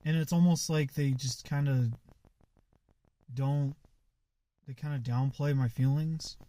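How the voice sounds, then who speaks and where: A man venting in a casual monologue, rambling and halting with lots of fillers and frequent swearing. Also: mid-range voice, fairly even intonation, warm tone.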